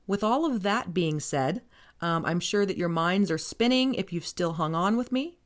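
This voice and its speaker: A woman hosts a casual podcast, recapping a trashy book in a rambling, sarcastic tone. She swears freely and talks in a somewhat low voice. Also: expressive, moderate pace. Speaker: podcast host.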